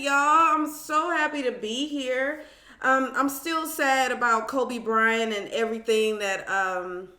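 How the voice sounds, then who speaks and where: A woman's voice: a little high, sharp tone, reverberant. A woman hosting a casual live stream from home, chatting with viewers, greeting them by name and calling them child and boo.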